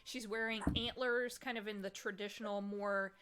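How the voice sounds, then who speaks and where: A woman's voice: mid-range voice, fairly even intonation, moderate pace, fairly bright tone, clean tone. Chatty woman game master. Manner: descriptive, chatty, many fillers. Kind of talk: narrating a tabletop game.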